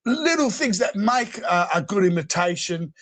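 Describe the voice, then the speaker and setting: A man's voice: high-pitched, big pitch swings, moderate pace, a bit bright. A man with an Australian accent, a guest in a casual panel chat, rambling and laughing often.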